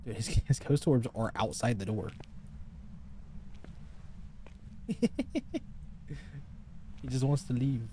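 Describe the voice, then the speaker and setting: A man's voice: mid-range voice, brisk, few pauses, warm tone, slight background noise. A man streaming a game live, chatting casually, calling out to the ghost and grumbling about game updates. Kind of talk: casual live gameplay commentary.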